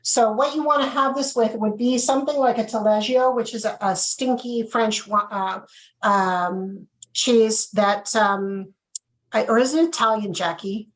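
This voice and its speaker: A woman's voice: on the high side, unhurried, poor audio. Chatty woman presenting a wine tasting. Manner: chatty, checks in with okay often. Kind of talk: casual live tasting demo.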